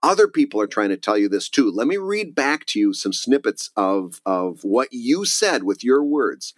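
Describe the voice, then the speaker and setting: A man's voice: medium pitch, very animated, normal speed, dry recording. A man co-hosting a casual podcast, giving emphatic advice and laughing often. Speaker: podcast co-host, cartoonist.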